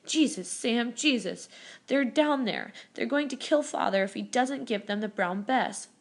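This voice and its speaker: A woman's voice: mid-range voice, moderate pace, natural voice. A woman voicing a young boy, a frightened and defiant younger brother, speaking in frantic, raised bursts.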